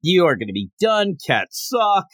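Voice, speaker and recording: A man voicing an angry, threatening male ramen customer who yells his complaints. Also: sits high, very animated, normal speed, slightly rough, no room sound, studio quality, pitched above the performer's own voice, heavily acted. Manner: yelling, blustery complaints.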